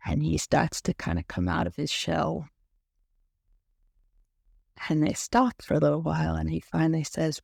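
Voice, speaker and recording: A man who serves as a meditation teacher, telling a story in an unhurried, tender, musing way. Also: a little high, gravelly, a little mellow, no room sound, clean studio sound. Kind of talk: reflective storytelling talk.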